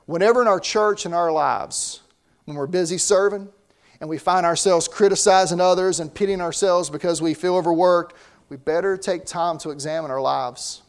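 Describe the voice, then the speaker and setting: A man's voice: high-pitched, normal speed, clean tone. A man preaching a sermon as pastor, in a conversational way that often repeats words.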